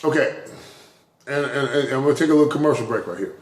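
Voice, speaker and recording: A man talks fast in a medium-pitched voice through a casual spoken vlog, the sound roomy. He rambles, repeating words as he restarts with stutters, and he's openly emotional, laughing and tearing up.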